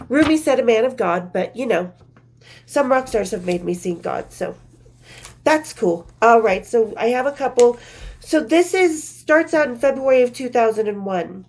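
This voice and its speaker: A woman's voice: a little high, lively intonation, moderate pace, darkish tone. A woman hosting her own show, reading from her old journals in a candid, profane, casual storytelling manner with laughing asides. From western United States.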